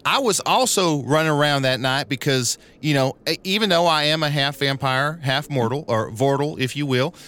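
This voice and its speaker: Guy doing a soppy sincere half vampire, kinda high voice, comedy audio show. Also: normal speed, hardly any pauses, a bit bright, close to an everyday voice. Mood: earnest. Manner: sentimental, earnest and a bit pompous. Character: earnest emotional half-vampire man, sober from blood. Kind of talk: improvised comedy audio drama.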